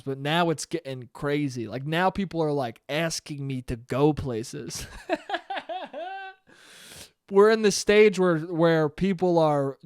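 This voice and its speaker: A man's voice: a little high, clear, resonant tone, dry recording, clean studio sound. A young man hosting a solo podcast, ranting in a profane, rambling way and acting out quotes in mock voices. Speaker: podcast host. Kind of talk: solo comedic rant.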